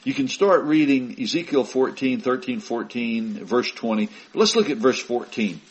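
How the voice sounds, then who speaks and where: A man preaching a sermon, emphatic, swinging from loud raised stresses to quiet asides, reading scripture in slow weighty bursts. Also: lively intonation. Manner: emphatic, rising to stress key words and dropping low for asides.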